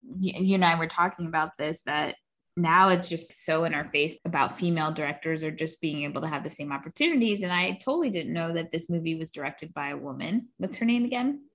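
A woman's voice: low-pitched, expressive, fairly quick, fairly bright tone. A woman co-hosting a casual movie podcast, candid and blunt, laughing often and swearing casually. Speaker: podcast co-host. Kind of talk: casual chat.

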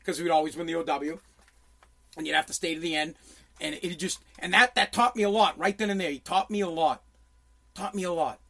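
A man's voice: on the high side, a little fast, gravelly, bright, forceful tone. A man telling a story in a profane, intense rant, often restarting his sentences. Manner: intense, swearing, many restarts.

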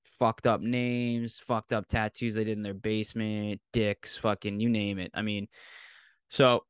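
A man's voice: on the low side, flat delivery, unhurried, clear, resonant tone, no room sound, studio quality. A man in his thirties with a Massachusetts accent, telling a long, rambling, profane story in casual podcast chat. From Massachusetts, South Shore. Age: 30s. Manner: rambling, profane, laughs often. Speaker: podcast co-host.

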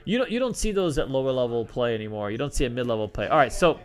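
A man's voice: mid-range voice, expressive, rapid-fire, clear, resonant tone. A middle-aged man, a former craps dealer, answering questions and telling stories in a rambling, casual way full of fillers and restarts. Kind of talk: casual storytelling Q&A.

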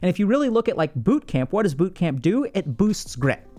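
A man talks through a psychology topic like he is chatting with a friend, peppering it with fillers. His voice runs high and moves around a lot, rising and falling as he makes his points. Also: a little fast, soft background music. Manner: conversational, animated, many fillers. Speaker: mental health clinician and host. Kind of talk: educational monologue.

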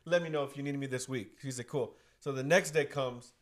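A man's voice: medium pitch, steady tone, fairly quick. Man, casual storyteller. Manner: storytelling, acts out quoted dialogue, swears. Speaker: podcast guest, director. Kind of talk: casual chat.

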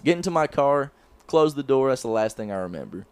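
With a clear, resonant medium-pitched voice and a brisk delivery, this young podcast co-host recounts a story, cursing freely and performing other people's lines with energy. The close-mic recording from a small room has no echo.

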